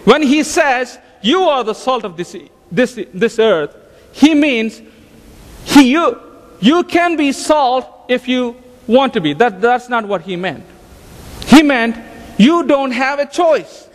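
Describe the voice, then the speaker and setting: High-voiced man preaching in a reverberant hall. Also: lively intonation, slow. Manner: emphatic preaching with many restarts and repeated phrases. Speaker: pastor. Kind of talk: sermon. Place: church sanctuary.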